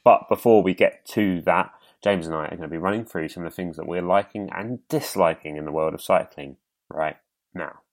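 A man's voice: low voice, a little fast. A man hosting a podcast in casual chat, teasing his co-host with dry banter.

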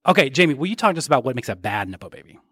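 Fast-talking joking man co-host. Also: medium pitch, sing-song, a bit bright, husky, no room sound, studio quality. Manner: joking, quick banter. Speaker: podcast co-host. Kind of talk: casual pop culture chat.

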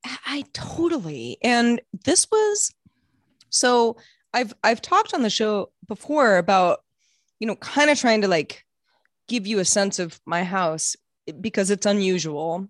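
A woman's voice: medium pitch, big pitch swings, a little slow, dry recording. Chatty woman host with a dry sound. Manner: chatty, rambling, acts out quotes in funny voices. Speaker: podcast host. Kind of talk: casual chat.

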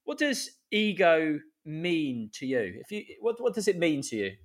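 A man conducting an interview in a warm, affirming way, with a voice slightly on the high side. His intonation is lively and moves around a lot as he agrees and asks questions. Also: measured pace. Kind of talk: casual interview chat.

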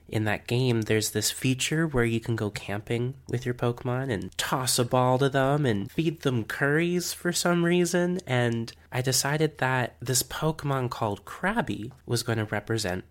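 A man's voice: medium pitch, unhurried, hardly any pauses. A young man hosting his own podcast, telling a personal story in a reflective, earnest way with small self-conscious laughs. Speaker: podcast host.

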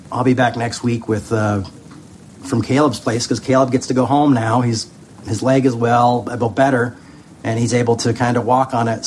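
A man who is a pastor, closing a service in a relaxed, rambling and self-deprecating way. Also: mid-range voice, slight background noise. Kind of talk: casual sermon sign-off.

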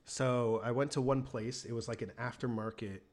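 A man from the United States telling a story in casual chat, lively and acting out the people he quotes. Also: medium pitch, normal speed.

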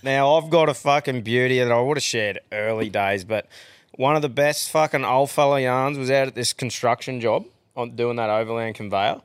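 A laid-back Australian man hosts a podcast, trading swear-laced banter. His voice is smooth and resonant in a dry, close room. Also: medium pitch, normal speed, no room sound. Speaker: podcast host. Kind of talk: casual chat.

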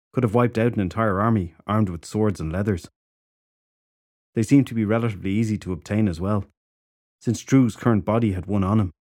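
Man narrating an audiobook, low pitch, dry studio sound, steady storytelling. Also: no echo.

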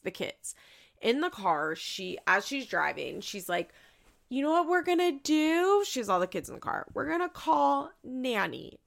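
A woman's voice: mid-range voice, creaky, a bit bright. A woman recapping a reality show in a casual, sarcastic, rambling way, swearing and filling her talk with "like.".

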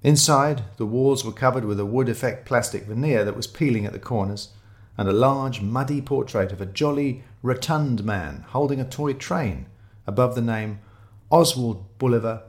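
A man reading a first-person mystery story aloud, descriptive and wry in his storytelling. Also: mid-range voice. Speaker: narrator.

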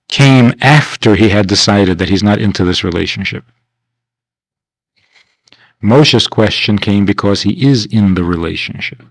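A man with a lowish voice teaches a class at a winter camp, lecturing conversationally and posing rhetorical questions. He's animated and acts out the people he quotes. The recording has no room sound and is low in quality.

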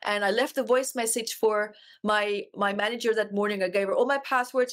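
A woman's voice: mid-range voice, fairly quick, hardly any pauses, a bit bright. A woman, an author and life coach, telling her personal story as a guest in an interview, earnest and emotional, and she repeats phrases for emphasis.

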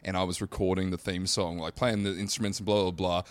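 A man's voice: low voice, fast, no room sound. A man co-hosting a podcast, telling stories and joking in casual banter. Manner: animated, joking storyteller. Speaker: podcast co-host.

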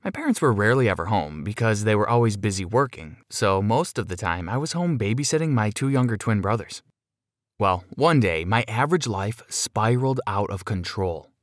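Low-voiced man narrating a story. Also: expressive, moderate pace, dry recording, clean studio sound. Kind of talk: scripted first-person story narration.

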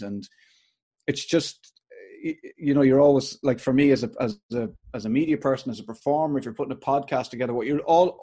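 A middle-aged Irish man with a husky, slightly rough voice spins long anecdotes in a relaxed interview. He keeps restarting his sentences and circling back, and his speech sits at an ordinary middle pitch. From Ireland. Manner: rambling, anecdotal, with many restarts. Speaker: podcaster and performer. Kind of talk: casual storytelling interview.

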